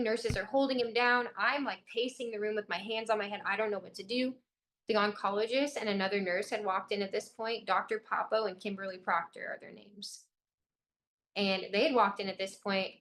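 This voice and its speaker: A young woman from Illinois tells her story as an interview guest, her voice pitched in the everyday middle range. She speaks with urgency and intensity, pressing each point home. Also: steady tone, normal speed, a bit bright. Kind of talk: personal account in an interview.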